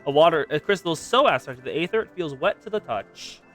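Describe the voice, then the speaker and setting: A man's voice: on the high side, lively intonation, fairly quick, a bit bright, soft background music. A man voicing a fussy, formal contest judge in a raised, theatrical reading. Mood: grandiose.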